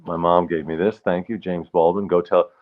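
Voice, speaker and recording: Man, very low voice, casual livestream host, rambling and punning, clears throat a lot, muffled lo-fi sound. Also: steady tone, moderate pace, slight background noise. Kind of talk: casual solo livestream chat.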